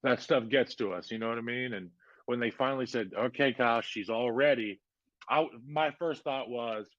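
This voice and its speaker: A man's voice: mid-range voice, normal speed, dry recording. Chatty man telling a birth story. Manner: animated, lots of "like" and "you know". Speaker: podcast guest. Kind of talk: casual storytelling. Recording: dull lo-fi podcast audio.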